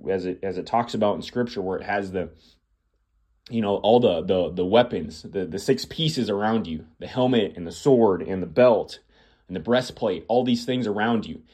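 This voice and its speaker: Husky low-voiced man preaching. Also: normal speed, darkish tone. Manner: earnest, addresses listener as "my friend"; repetitive, emphatic phrasing. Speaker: podcast host. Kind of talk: preaching monologue.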